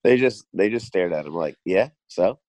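A man hosting a podcast in casual chat, telling animated stories and acting out voices, with some swearing. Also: sits low, normal speed, dry recording. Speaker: podcast host, touring comedian.

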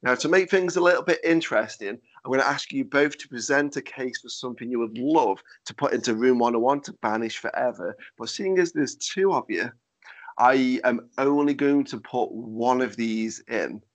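A man's voice: mid-range voice, normal speed. A man hosting a podcast, chatty and casual, swearing freely as he sets up a game. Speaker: podcast host.

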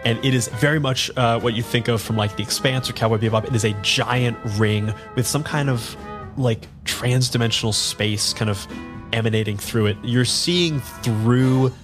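A man's voice: mid-range voice, normal speed, music in the background. A man acting as game master, narrating a sci-fi tabletop game in a loose, filler-heavy way with frequent laughs.

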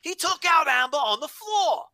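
An American man putting on an excitable Australian wrestling commentator with a mock Australian accent. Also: normal speed, no room sound, heavily acted. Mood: excited. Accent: mock Australian, put on by an American. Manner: shouty, high-pitched, over-the-top.

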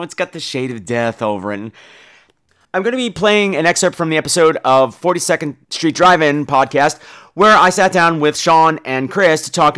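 A man's voice: fairly high pitch, fairly bright tone, clean tone. A man hosting a podcast and telling a comic story in a campy, theatrical way while grieving. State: grieving, dazed. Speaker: podcast host.

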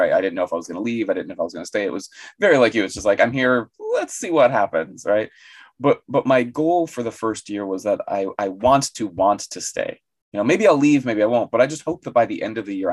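Guy co-hosting a podcast, lowish voice, talks fast, reflective, stumbles over words a bit. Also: no echo. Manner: reflective, repeats words as he restarts. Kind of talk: casual podcast chat.

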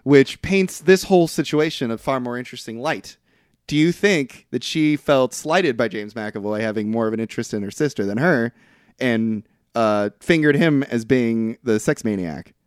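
Smooth and at normal speed, a young man co-hosts a podcast, loosely retelling a movie's plot. He rambles and performs characters' quotes with sudden pitch jumps, in clean studio sound without echo.

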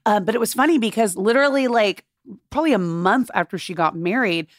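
A woman's voice: mid-range voice, brisk. A woman in her thirties from Texas chats about celebrity news, giggly and playful, and often echoes her co-host. She speaks in a middle register. The sound is close and dry. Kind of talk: casual celebrity gossip chat.

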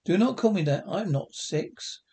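Brief: a trapped, defiant man from New York, urgent and demanding, a little high-pitched, TV drama. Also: expressive, normal speed, darkish tone. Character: bewildered captive man, defiant and insistent. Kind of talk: TV drama acting.

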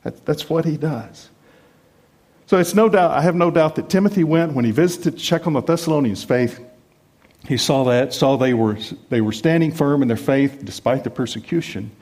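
Middle-aged american guy preaching, husky voice, chatty and self-deprecating. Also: on the high side, normal speed. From United States. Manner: conversational, self-deprecating, lively emphasis. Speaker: pastor. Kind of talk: sermon.

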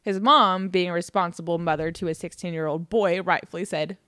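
A woman's voice: lowish voice, fairly even intonation, brisk, fairly bright tone, clean tone, dry recording, clean studio sound. A woman co-hosting a podcast, telling a true crime story in casual, chatty talk, laughing often and swearing. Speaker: podcast co-host.

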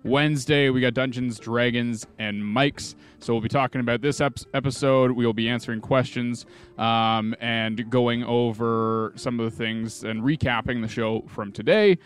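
A man's voice: medium pitch, steady tone, moderate pace, clear, resonant tone. A man who sings in a band, upbeat as he plugs his shows. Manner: upbeat, plugging projects. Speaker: co-host and singer. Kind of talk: casual stream announcements.

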